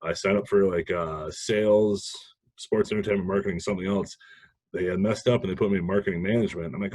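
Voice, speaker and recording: Man, Minnesota native, podcast guest, husky, low-pitched, animated storyteller, dry sound. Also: quick pace, dry recording. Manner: animated storyteller, laughs often. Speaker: podcast guest, sales manager. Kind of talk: casual storytelling interview.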